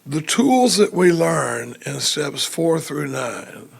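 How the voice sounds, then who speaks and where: Gravelly, raspy man telling a rambling story. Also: a little high, sing-song, slow. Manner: rambling, self-mocking, many restarts. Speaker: recovery retreat speaker. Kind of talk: storytelling talk to a live audience. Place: retreat meeting room with audience.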